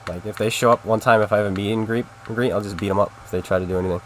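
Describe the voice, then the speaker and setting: A man's voice: lowish voice, steady tone, rapid-fire, fairly bright tone, slight background noise. A man casually talking to his stream chat while playing a game, in a rambling, chatty way. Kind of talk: casual live-stream commentary.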